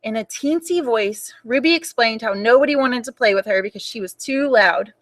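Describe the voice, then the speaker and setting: A young woman reading a picture book aloud for children at storytime, in an animated and expressive way. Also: fairly high pitch, normal speed.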